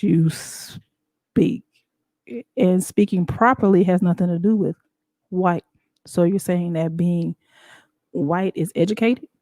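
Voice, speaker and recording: A woman hosting a show, talking in a casual, animated and emphatic way with frequent laughs. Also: on the low side, no room sound. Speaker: show host. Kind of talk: casual talk-show monologue.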